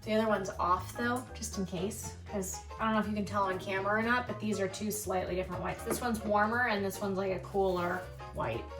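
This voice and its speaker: This time her voice is mid-range and brisk, with few pauses and faint music in the background. The young adult woman shares home-renovation stories from her indoor hallway in a casual, sassy, cursing style, acting out quotes with animation.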